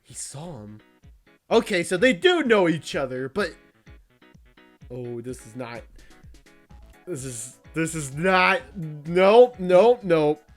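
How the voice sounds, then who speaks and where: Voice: medium pitch, sing-song, slow pace, long pauses, soft background music. A VTuber reading a visual novel aloud, breaking off for joking, crude, teasing asides and frequent laughs.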